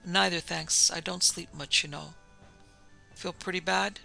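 A man's voice: high voice, steady tone, a little slow, gravelly, bright, forceful tone, soft background music, exaggerated voice, low-quality recording. A man voicing a desperate sleepless man. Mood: desperate pleading. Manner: pleading, desperate. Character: sleepless man near breaking point.

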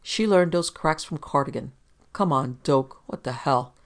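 A reader voicing a vicious, snarling male police detective with rough slang, loud and raised in pitch. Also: unhurried, close to an everyday voice. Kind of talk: audiobook reading.

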